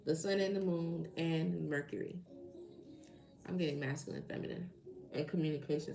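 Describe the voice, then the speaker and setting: A woman's voice: sits low, steady tone, moderate pace, vocal fry, pauses often, dark tone, soft background music. A tired woman hosting a live tarot reading, chatting casually and rambling as she talks to her viewers. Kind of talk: casual live-stream chat.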